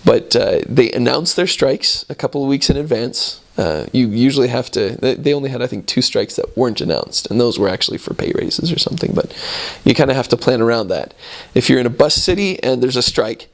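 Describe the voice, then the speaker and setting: Casual male storyteller, average pitch, loose and chatty, a returned missionary reminiscing. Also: fairly quick, gravelly, hardly any pauses. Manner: relaxed, rambling, chuckling between points.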